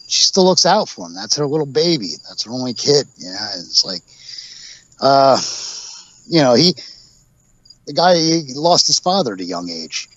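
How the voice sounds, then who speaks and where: A man telling road stories as a podcast guest, rambling through anecdotes full of fillers. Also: mid-range voice. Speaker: podcast guest, pro wrestler. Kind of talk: casual storytelling interview. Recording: dull lo-fi podcast audio.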